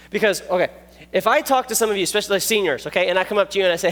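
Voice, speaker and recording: A man preaching a youth sermon, animated and jokey, telling stories and checking in with the listeners. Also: high voice, fast talker. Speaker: youth pastor. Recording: long echoey hall reverb.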